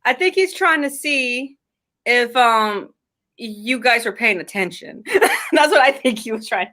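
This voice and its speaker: A woman's voice: fairly high pitch, lively intonation, measured pace, pushed and bright. A woman co-hosting a live stream in casual chat, rambling with many fillers and frequent giggles.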